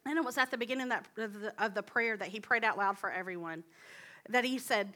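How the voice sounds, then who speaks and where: A young woman giving a heartfelt sermon in a church, earnest and personal, sometimes dropping into soft hushed asides. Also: fairly high pitch, brisk. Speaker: guest speaker at church. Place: church sanctuary.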